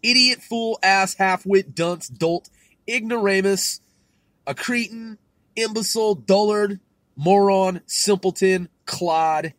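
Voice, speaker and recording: A man's voice: high voice, slow pace, fairly bright tone, dry recording. A man in his thirties hosting a solo podcast, rambling in loose, profane slang and laughing at himself as he reads things aloud. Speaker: podcast host.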